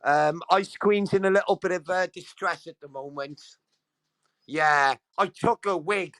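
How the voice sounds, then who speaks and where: A man chatting casually on a livestream from home, crude and mocking, swearing constantly, with sudden loud outbursts. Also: high-pitched, measured pace, clean tone. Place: at home with dogs nearby.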